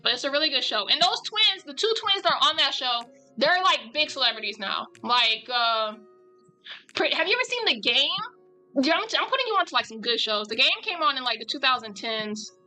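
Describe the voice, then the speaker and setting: A woman's voice: sits high, big pitch swings, fairly quick, bright, forceful tone, faint music behind, low-quality recording. A woman chatting casually and animatedly with her viewers while drawing live, in a rambling style.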